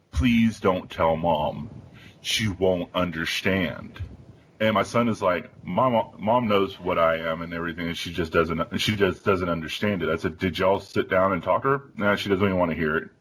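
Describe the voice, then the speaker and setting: A man in his thirties hosting a round-table discussion, telling an animated story with acted-out family dialogue. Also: low-pitched, normal speed, a little hiss or hum, poor audio. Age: 30s. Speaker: podcast host.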